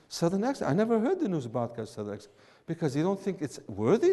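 Animated male teacher. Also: on the high side, fast talker, long reverb tail. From Syria. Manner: animated, emphatic, repeats himself. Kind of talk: classroom lecture with banter.

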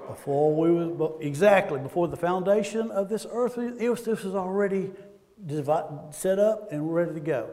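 A man's voice: sits high, animated, normal speed, darkish tone, long reverb tail. A man with a Southern American accent preaching a sermon in a church, talking conversationally and asking the congregation questions.

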